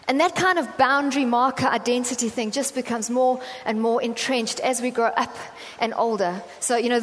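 A woman's voice: fairly high pitch, a little fast. A woman preaching a conversational sermon in a church hall, with a chatty, self-deprecating storytelling manner and lots of fillers. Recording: long hall reverb, faint ambience.

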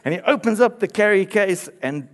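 A man's voice: high voice, expressive, a little fast. A man preaching a sermon, telling a story with playful asides and light laughter. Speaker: pastor.

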